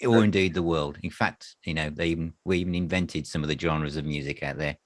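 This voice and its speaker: Male podcast host, very low voice, dry recording, affirming and hesitant. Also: steady tone, fast talker, a bit bright, no echo. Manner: affirming, hesitant questions with restarts. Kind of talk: casual interview.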